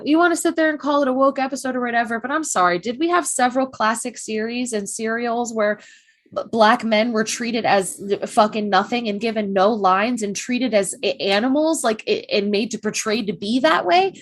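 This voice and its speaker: A woman's voice: a little high, normal speed, a bit bright. A young adult woman co-hosting a reaction show, talking passionately, swearing freely and laughing often. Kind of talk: casual discussion.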